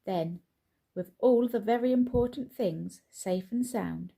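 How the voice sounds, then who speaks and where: A woman reading a children's picture book aloud in a slow, expressive storytelling manner. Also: on the high side, gravelly, husky.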